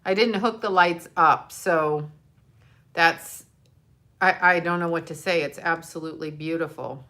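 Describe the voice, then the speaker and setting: Older lady rambling on a livestream, bright kinda lowish voice, gets teary and swears a bit. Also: a little slow. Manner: emotional, rambling, swears casually. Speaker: livestream host. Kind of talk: casual livestream chat.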